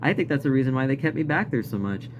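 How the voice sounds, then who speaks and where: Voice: mid-range voice, lively intonation, fast, noisy background. A vlogger telling a story in a casual, rambling rant, swearing often and laughing now and then. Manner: profane, rambling, frequent laughs.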